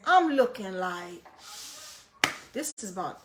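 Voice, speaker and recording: A woman vlogger telling a story in a blunt, profane, casual way, her loudness swinging up and down with the tale. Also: high-pitched, big pitch swings, unhurried, pauses often.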